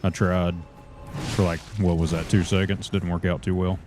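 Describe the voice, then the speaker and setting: A man's voice: low voice, flat delivery, moderate pace, music in the background. A young man with a Southern US accent, chatting folksily with viewers during a live game stream and calling them brother. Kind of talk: casual live gaming commentary.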